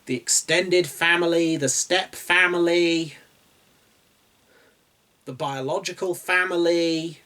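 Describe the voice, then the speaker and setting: A man's voice: on the high side, steady tone, slow, long pauses, bright, forceful tone. A man with a posh English accent, hosting a reflective video essay on writing in a musing, digressive way. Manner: musing, digressive, with asides and chuckles. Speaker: writing channel host.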